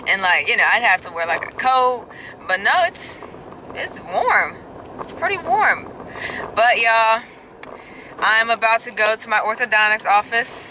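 A young woman talks to her viewers in a casual, chatty vlog, calling them y'all. Her voice is very bright and sharp. She speaks from inside her car, with faint car noise behind her. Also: fairly high pitch, rough recording. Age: young adult. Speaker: vlogger. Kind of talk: casual vlog talk to camera. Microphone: handheld camera.

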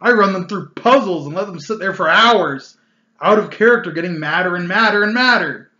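A man's voice: sits high, lively intonation, fairly quick, sharp tone. A man mimicking a smug, boastful male game master, his tone mocking and self-satisfied, recorded in an echoey room with a dull, lo-fi sound. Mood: gloating.

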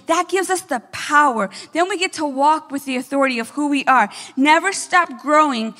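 A woman pastor delivering an energetic sermon, often checking in with the congregation with quick asides. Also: sits high, big-room sound. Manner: energetic preaching with frequent "right?" asides.

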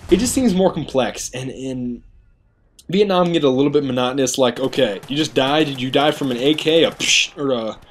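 A man's voice: mid-range voice, moderate pace, slight background noise. A man giving a chatty, rambling voice-over commentary on a video game, often mocking himself. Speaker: gaming commentator.

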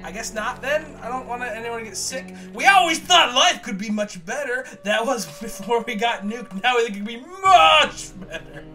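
A man's voice: very high-pitched, animated, moderate pace, hardly any pauses, pushed and bright, faint music behind. A man hosting a let's play of a survival game, reading its text aloud with mock drama and joking at his own slips. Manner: jokey, reads game text with mock drama, laughs at himself.

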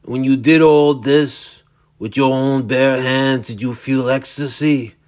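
A man voicing a predatory, deranged old man in a fedora who speaks slowly and tauntingly, relishing every word. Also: mid-range voice, steady tone, darkish tone, close to an everyday voice.

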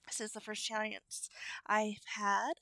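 A woman's voice: mid-range voice, monotone, takes it slowly, sharp tone, dry recording. Chatty woman narrating a bakery game. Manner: chatty, cheerful shopkeeper greetings to game customers. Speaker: gaming channel host. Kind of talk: casual gameplay commentary.

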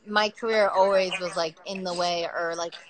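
A woman's voice: lowish voice, steady tone, moderate pace, crowd noise, rough recording. Gushing woman hosting a video chat. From United States. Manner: gushing and enthusiastic, full of "like" fillers. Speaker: livestream host. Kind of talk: casual video-call chat. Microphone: video call.

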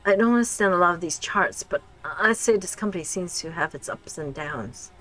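Woman doing a let's play, bright voice, swoops up and down, laughs a lot. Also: fairly low pitch, expressive, moderate pace. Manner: reactive, laughs a lot, talks to herself. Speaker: gaming streamer. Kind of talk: casual let's play commentary.

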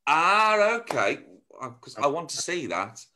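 Lively, bright-voiced male interviewer. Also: a little high, a little slow, a little hiss or hum. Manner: chatty, eager fan. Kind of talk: interview questions.

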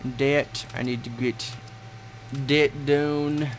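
A young man casually commentating a shooter game, swearing and shouting at enemies as he plays. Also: mid-range voice, level tone, very slow. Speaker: gameplay commentator. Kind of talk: casual gaming chat. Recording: game audio behind with clear gunfire noise.

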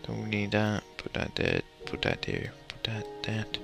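A man's voice: lowish voice, huge pitch swings, unhurried, creaky, over music. A young man giving casual, rambling commentary while playing a building game, muttering to himself and swearing mildly. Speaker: gamer commentator.

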